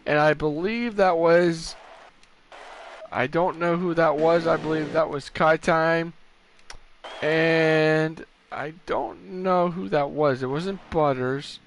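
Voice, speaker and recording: A man calls a sim race on a live stream in a loose, rambling way, often stopping to fix what he just said. His voice sits a bit high and sounds worn out. There is a faint noise floor under the track audio. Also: fairly even intonation, takes it slowly. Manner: casual, rambling, stops to correct himself. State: tired, yawning. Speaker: race commentator. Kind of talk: sim racing commentary on a stream.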